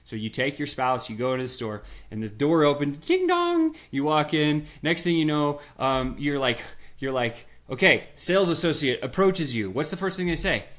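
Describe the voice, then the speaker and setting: A man who is a sales strategist, guesting on a podcast and talking in an energetic, punchy way full of rhetorical questions. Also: on the high side, moderate pace. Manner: animated, acts out little scenes in voices. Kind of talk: energetic storytelling.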